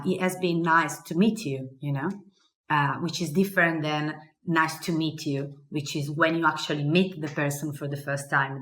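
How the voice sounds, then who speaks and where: A woman's voice: low-pitched, fairly bright tone, echoey room. A woman with an Italian accent, a native Italian speaker, teaching phrases in a casual lesson with many fillers. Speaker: language teacher. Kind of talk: language lesson.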